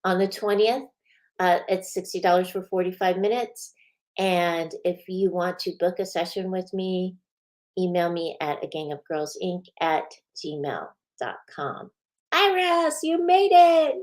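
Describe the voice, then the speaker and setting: A woman's voice: lowish voice, fairly even intonation, unhurried, a little mellow. A woman hosting a spiritual show, chatting casually with many fillers and frequent laughs. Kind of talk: casual live-stream chat.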